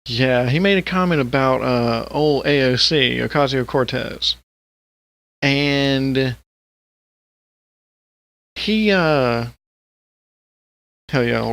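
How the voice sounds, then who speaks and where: A man co-hosting a podcast, chatting casually and retelling stories in an excitable, profane way. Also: mid-range voice, gravelly. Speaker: podcast co-host. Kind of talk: casual chat.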